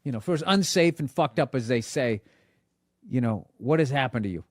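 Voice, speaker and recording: A man's voice: mid-range voice, lively intonation, brisk, no echo, studio quality. A man with a Boston accent in casual podcast banter, blunt, teasing and profane. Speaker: comedian.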